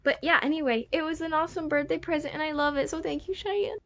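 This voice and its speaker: A young woman with a fairly high voice talks casually to the camera from her bedroom. She is chatty and self-mocking, with quick giggly asides. The sound comes from a phone recording at home. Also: a bit bright, highs cut off. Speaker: book vlogger. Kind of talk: casual vlog chat.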